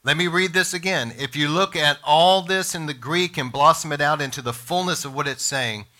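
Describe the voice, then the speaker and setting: A man preaching a sermon as pastor, emphatic, slowing down to stress words and speaking straight to his congregation and listeners. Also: a little high, sharp tone. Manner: addresses congregation and podcast listeners directly.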